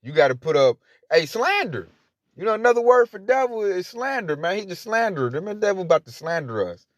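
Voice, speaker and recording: A man's voice: sits high, very animated, fairly quick, dry recording. A man with a Southern US accent giving a casual, slang-heavy religious talk as a Hebrew Israelite preacher. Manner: colloquial and slangy, acts out quoted voices. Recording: dull, lo-fi, dry recording.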